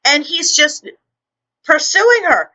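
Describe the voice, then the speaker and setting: A woman's voice: sits high, very animated, takes it slowly, pushed and bright, lo-fi sound. A woman writer hosting her own vlog, ranting in a blunt, profane and indignant way into her computer microphone.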